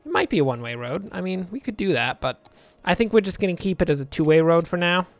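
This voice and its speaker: A man's voice: high voice, fast, dry recording. A young man casually commentating his gameplay, rambling and joking, muttering asides to himself at a home desk microphone. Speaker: let's play host.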